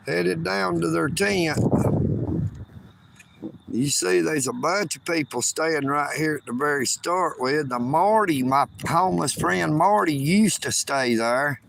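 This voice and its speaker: A man hosts a laid-back outdoor livestream next to railroad tracks, chatting in a folksy manner and greeting viewers by name on his phone. His voice sits a little high and sounds creaky, he speaks at a slow pace, and there's noise in the background.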